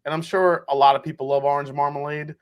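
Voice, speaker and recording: A man's voice: on the high side, level tone, fast. A man who is a guest on a live whiskey tasting, chatting in a rambling, joking way and swearing casually. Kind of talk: casual chat, live stream.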